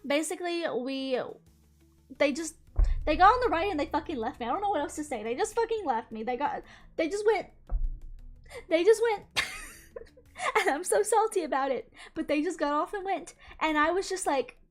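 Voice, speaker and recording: A young woman chatting casually through a storytime, animated and swearing freely. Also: very high-pitched, normal speed, long pauses, soft background music. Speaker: YouTuber.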